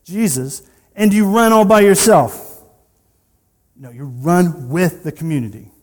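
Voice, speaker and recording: A man's voice: a little high, measured pace, darkish tone. A male pastor preaching a sermon in a conversational way, with personal asides and rhetorical questions. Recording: long reverb of a large hall.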